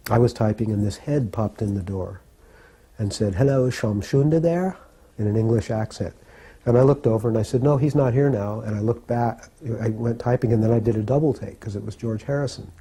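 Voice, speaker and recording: A man telling a personal anecdote in an unhurried, reflective way, with occasional fillers. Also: on the low side, steady tone, dark tone, slightly rough. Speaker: devotee recalling memories.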